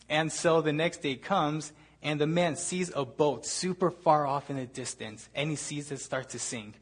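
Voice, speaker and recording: A young man giving a casual storytelling talk to a gathering, relaxed and chatty, leaning on filler words. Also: fairly high pitch, measured pace, hardly any pauses, slightly rough. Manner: relaxed, chatty, leans on "like" and "ended up". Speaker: speaker at a gathering.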